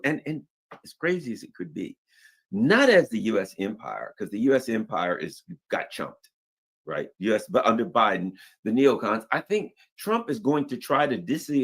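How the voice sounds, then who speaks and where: Middle-aged host, low voice that swings a lot, slangy rambling commentary. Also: male voice, breathy edge. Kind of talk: casual political commentary.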